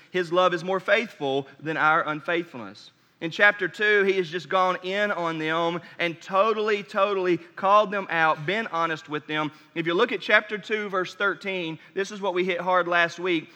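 Male pastor, sermon, bright forceful voice, repeats phrases, long church reverb. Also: high voice. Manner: preaching with rising intensity, repeating phrases for emphasis.

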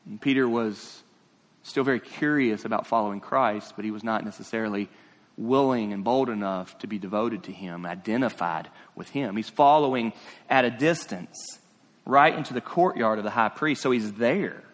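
Pastor preaching in a reverberant church. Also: male voice, lowish voice. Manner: preaching that swings between hushed, drawn-out lines and rising emphatic ones; repeats phrases for emphasis and asks the congregation questions. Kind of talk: sermon. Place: church sanctuary. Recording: long reverb of a church hall.

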